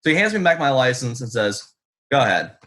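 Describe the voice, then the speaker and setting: A man's voice: mid-range voice, big pitch swings, brisk, fairly bright tone. A man, a guest author telling stories in a rambling, profane, self-deprecating way full of ums. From United States. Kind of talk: casual storytelling in an interview.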